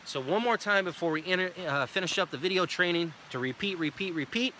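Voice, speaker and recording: A middle-aged man leads a sales training session, repeating key phrases and acting out what to say to customers. His voice is bright and forceful and sits slightly high for a man. A faint background noise sits under the recording. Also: fairly quick. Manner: emphatic, repetitive coaching delivery. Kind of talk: sales training talk with role-played pitch lines.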